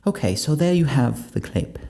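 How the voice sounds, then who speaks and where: A man's voice: mid-range voice, expressive, moderate pace, gravelly, over music. A man teaching a pronunciation lesson, asking questions and answering them himself. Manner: asks the class rhetorical questions and answers them.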